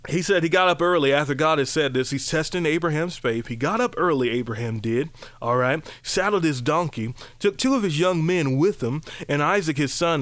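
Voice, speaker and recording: A man preaching a lively, conversational sermon, breaking into high exclamations and playful asides. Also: dry recording.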